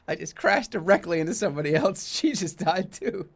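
A man streaming a video game, reacting loudly, swearing and laughing at what happens on screen. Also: sits high, lively intonation, a little fast, vocal fry, few pauses, slight background noise. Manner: loud, exasperated, swearing and laughing. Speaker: streamer playing video games. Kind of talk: gaming commentary.

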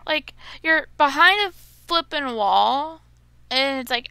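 Grumbling young woman gamer, gravelly. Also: sits high, expressive, slow, pushed and bright, dry recording. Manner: grumbling, easily exasperated, chatty. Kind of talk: casual gameplay commentary.

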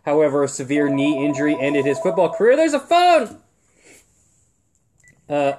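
Male co-host, mellow voice, casual nerdy explainer, teasing. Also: a little high. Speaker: podcast co-host. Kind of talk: casual chat explaining comic lore.

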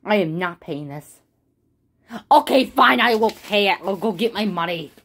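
A woman voicing Mario, a hot-tempered male plumber in a homemade plush toy skit, who mutters and bursts into yells. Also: medium pitch, expressive, moderate pace. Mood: grumbling. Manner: exasperated, yelling outbursts, mutters to himself.

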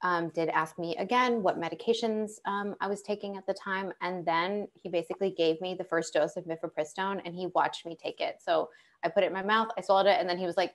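Woman telling her own story, low-pitched. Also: fairly quick. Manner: animated storyteller with many fillers and restarts. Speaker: panel guest sharing personal story. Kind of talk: conversational personal account.

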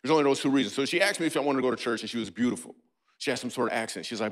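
Playful man doing stand-up. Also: racing. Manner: playful, riffing with the audience, breaks into squeaky and goofy voices. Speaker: comedian. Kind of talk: stand-up comedy set in a church. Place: church stage before a live audience.

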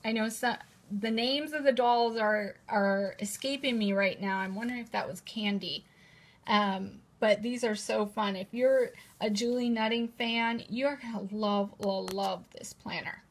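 A woman's voice: a little high, steady tone, measured pace. Gushing, chatty woman showing off products. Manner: gushing, chatty, repeats "how cute is that". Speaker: host presenting new planners. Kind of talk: casual live-stream product showcase. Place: indoors at a table at home. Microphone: camera in a holder on the table.

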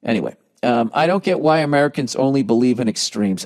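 A middle-aged man with a Boston accent hosting a podcast, reading listener emails aloud and answering with sarcastic, profanity-heavy rants that swing from mocking high jabs to low grumbling. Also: expressive, fast, few pauses, darkish tone. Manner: sarcastic, swears heavily, swings between mocking highs and grumbling lows. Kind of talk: profane comedic podcast rant.

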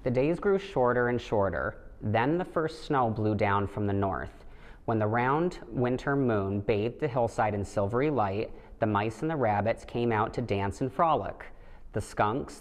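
A man reading a children's picture book aloud in a gentle, steady storytelling manner, putting light voices on the animals. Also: lowish voice. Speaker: storybook reader. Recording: long hall reverb.

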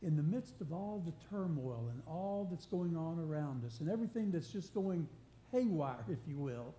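Pastor preaching in a roomy church. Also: male voice, a little high, lively intonation, moderate pace, warm tone. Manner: earnest, conversational preaching with rising emphasis and repeated restarts. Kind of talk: sermon. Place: church sanctuary. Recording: roomy church live stream with faint hum.

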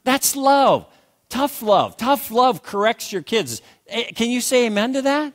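A man's voice: extremely high pitch, sing-song, a little slow. An older man preaching a sermon as pastor, emphatic, repeating phrases and calling for amens.

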